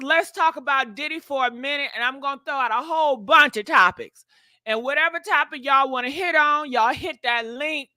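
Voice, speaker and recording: Sassy woman gossip host, high bright voice, dry close sound, chatty with viewers. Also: no echo. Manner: laughs often. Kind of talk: casual live-stream gossip chat.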